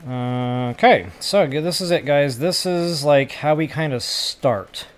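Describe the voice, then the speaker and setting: A man giving casual gameplay commentary for a building tutorial, chatty and self-mocking as he thinks out loud. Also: fairly high pitch, slow. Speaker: gaming tutorial creator.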